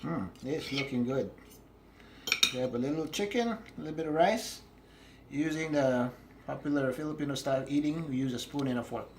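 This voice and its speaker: A man's voice: a little high, moderate pace. Chatty man hosting a home cooking video. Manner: upbeat, chatty, addresses viewers as guys. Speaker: cooking channel host. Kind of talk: casual cooking demonstration. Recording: noticeable kitchen background noise.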